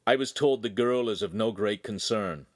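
A man voicing a dutiful, blunt male soldier who talks in a flat, matter-of-fact way. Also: lowish voice, moderate pace, close to an everyday voice.

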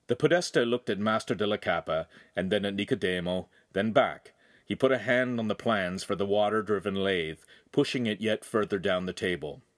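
A man reading a novel aloud as scripted narration, with expressive storytelling. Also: lowish voice, moderate pace. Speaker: audiobook reader.

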